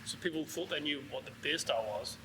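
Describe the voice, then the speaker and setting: A man's voice: a little high, fast. A middle-aged man, a brewery founder guest chatting casually and swearing as he retells stories. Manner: chatty, swears, quotes others. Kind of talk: casual storytelling chat. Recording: distant mic, noisy background.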